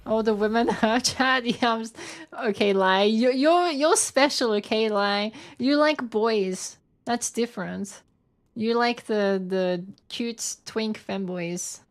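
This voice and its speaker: Speaking slowly in a voice on the high side, this streamer in her twenties giggles and thinks aloud as she plays a game and reads chat. Her banter with viewers is casual and playful.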